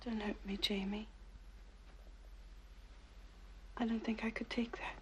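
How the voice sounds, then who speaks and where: A woman's voice: on the high side, normal speed, a little hiss or hum, close to an everyday voice. An actress playing a sensitive young woman who questions her mysterious lover earnestly in a 1970s TV drama. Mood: tender whisper. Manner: earnest, probing, turns soft and breathy when tender.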